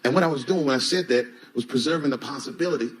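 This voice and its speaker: A middle-aged man races through a profane stand-up set at a medium pitch, acting out voices in animated stories. The audience laughs, and the live recording is noisy.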